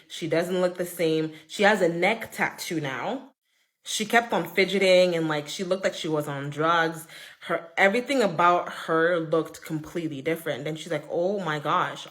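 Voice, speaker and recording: A woman telling a true story in a casual, chatty way, full of "like" and "okay?", with lively quoted voices. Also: moderate pace. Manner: acts out quoted friends with raised pitch.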